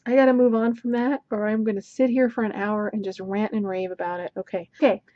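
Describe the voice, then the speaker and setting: A woman's voice: mid-range voice, level tone, fairly quick, no room sound, highs cut off. A woman giving a casual book review, exasperated and sarcastic as she rants. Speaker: book vlogger.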